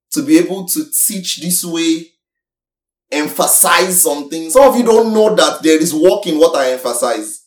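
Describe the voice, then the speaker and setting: An emphatic preacher teaching a congregation, repeating key points and swinging between raised and softened delivery. The voice sits at a middle pitch and rings around a roomy hall, heard from some distance off the mic. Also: lively intonation, normal speed. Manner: asks listeners for agreement. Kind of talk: sermon. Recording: echoey hall, voice from far off the mic.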